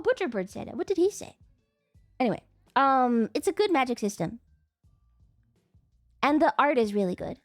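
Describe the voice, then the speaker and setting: A woman streamer in casual live-stream chat, excitable and chatty, sometimes swearing at her chat over a desk mic. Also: fairly high pitch, no room sound.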